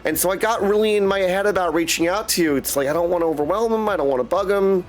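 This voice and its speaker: A man's voice: sits high, fast. A young man hosting a live game stream in casual chat, effusive and greeting viewers by name. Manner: chatty and effusive, greets viewers by name, keeps saying "my dude".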